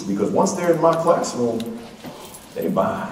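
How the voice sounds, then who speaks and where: A man's voice: medium pitch, lively intonation, normal speed. Man giving a fired-up speech in an echoey hall. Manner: emphatic and repetitive, leads call-and-response chants. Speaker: motivational speaker at a school staff opening meeting. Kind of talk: motivational keynote speech. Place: large hall or auditorium. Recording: echoey hall, mic far off.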